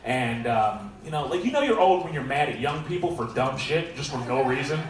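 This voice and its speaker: A man's voice: mid-range voice, animated, fairly quick. A man in his thirties doing a stand-up set and emceeing in a comedy club, talking in a sarcastic, punchy, conversational way into a stage mic. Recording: echoey club from far off, crowd noise.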